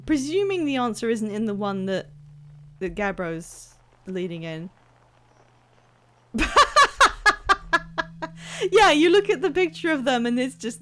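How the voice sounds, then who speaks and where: There's a slight hiss or hum behind this woman's somewhat high voice. She's streaming a game, chatting with viewers in a casual way, and she swears, laughs and reacts throughout.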